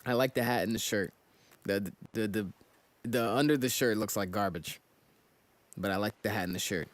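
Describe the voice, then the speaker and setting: A man's voice: on the low side, normal speed. A man reacting casually on a live stream, thinking aloud and talking to his chat while yawning. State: sleepy, yawning. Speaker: streamer reading manga live.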